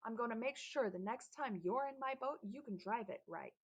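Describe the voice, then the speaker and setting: A loud, burly middle-aged dad, quick to tears and full of big feeling, as a woman reading the story puts him on. His voice comes through gravelly and husky in a storybook reading. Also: on the high side, animated. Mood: earnest.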